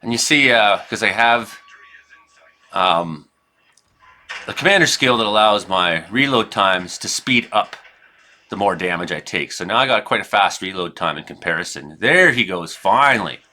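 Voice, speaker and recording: Excitable man rambling over gameplay. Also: lowish voice, normal speed. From Canada. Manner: rambling, excitable, reacts loudly to hits. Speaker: gaming streamer and weather forecaster. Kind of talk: casual gameplay commentary.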